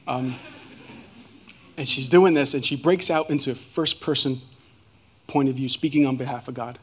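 A man giving a personal testimony as a guest speaker, earnest and halting, with many fillers and restarts. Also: medium pitch, steady tone, slightly rough.

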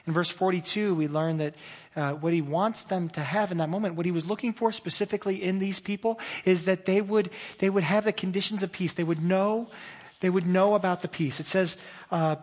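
A man preaching a sermon in a conversational way, moving between loud, fervent passages and soft, hushed ones. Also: sits high, brisk, in a large hall. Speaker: pastor.

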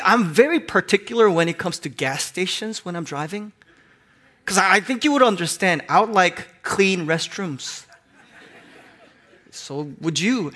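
A man's voice: fairly high pitch, sharp tone. A male pastor preaching a sermon, telling funny stories and acting out little voices. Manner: playful, acts out voices in anecdotes. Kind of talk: sermon with humorous storytelling.

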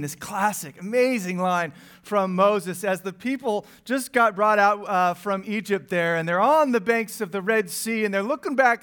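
A man preaching a conversational sermon, dropping to hushed near-whispers and rising to urgent bursts, often tagging lines with "right?". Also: high-pitched, smooth. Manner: conversational preaching with frequent "right?" and "you know". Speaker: pastor.

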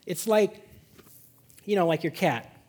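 Husky-voiced pastor preaching a sermon, high-pitched. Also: male voice, a little slow. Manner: swings from loud exhortation to hushed, intimate emphasis. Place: church service.

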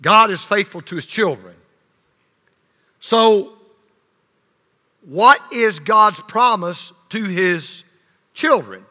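A male pastor preaching a sermon, swinging between loud emphasis and hushed low lines, leading the congregation in call and response. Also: animated, takes it slowly, pauses often. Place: church sanctuary. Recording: long reverb of a large hall.

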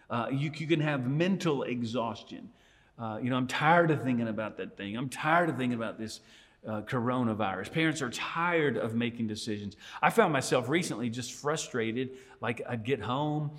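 A male pastor delivering an earnest sermon, circling back to key phrases. His voice sits in the middle range, neither high nor low. It carries a long reverb, as if spoken in a large room. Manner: earnest, repeats key phrases, shifts between soft and emphatic.

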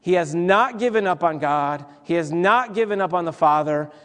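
A man's voice: high-pitched, expressive, normal speed, fairly bright tone. A man preaching a sermon as pastor, earnest and repetitive, building his points with rhetorical questions. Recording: long hall reverb.

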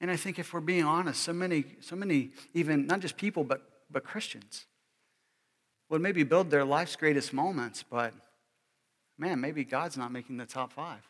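A male pastor giving a sermon in an animated, joking way, often checking in with the congregation. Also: fairly high pitch, moderate pace, in a large hall. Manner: animated and joking, keeps asking "all right?".

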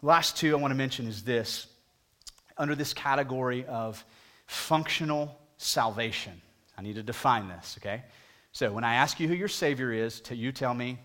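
A pastor preaching a sermon, talking conversationally and putting direct questions to the congregation, his voice climbing higher and louder at emphatic moments. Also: animated, moderate pace. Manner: rises in pitch and volume at emphatic points.

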